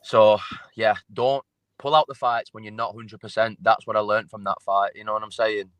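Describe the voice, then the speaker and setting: Blunt, sweary fighter. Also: male voice, lowish voice, flat delivery, moderate pace, fairly bright tone, clear, resonant tone, no echo. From England. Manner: swearing, blunt, repeats himself. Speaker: MMA fighter guest. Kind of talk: casual interview chat.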